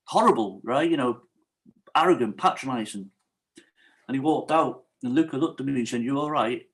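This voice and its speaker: A man's voice: medium pitch, moderate pace, pauses often, poor audio. A middle-aged man, a podcast guest telling his life story candidly and vividly, acting out what others said and often checking in with "right?". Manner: animated storyteller, acts out quotes, often asks "right?".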